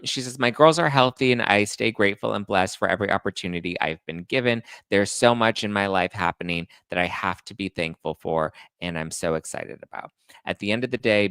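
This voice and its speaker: A man hosting a casual chat show, reading viewer comments aloud and answering them with sarcastic, animated remarks. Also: fairly low pitch, smooth, no room sound, studio quality. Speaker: host.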